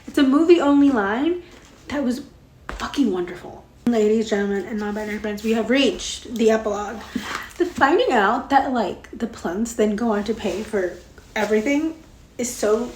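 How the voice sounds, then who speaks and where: A woman talks casually about a book she is rereading and reads passages from it aloud, with plenty of "like" and some swearing. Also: mid-range voice. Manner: chatty and profane, full of "like". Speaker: book reviewer. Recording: roomy echo.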